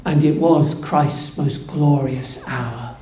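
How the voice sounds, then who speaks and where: A man preaching a sermon, slow and emphatic, building to fervent peaks. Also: mid-range voice, fairly even intonation, warm tone, slight background noise. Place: church. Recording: echoey church room.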